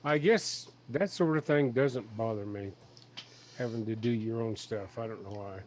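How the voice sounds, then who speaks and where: A man chatting casually on a live stream in a calm, measured way. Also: on the low side, a little hiss or hum. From United States. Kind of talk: casual chat.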